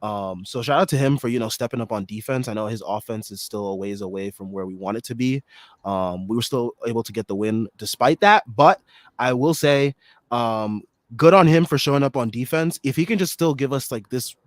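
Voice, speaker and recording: A man hosting a casual postgame basketball show, chatty and excitable, full of fillers, his voice a little hoarse from screaming. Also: mid-range voice, fairly quick, no echo. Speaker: podcast host.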